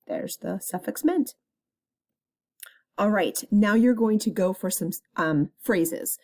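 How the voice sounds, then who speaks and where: A woman teacher giving a spelling test, dictating each word slowly and clearly with patient explanations. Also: medium pitch, a little mellow.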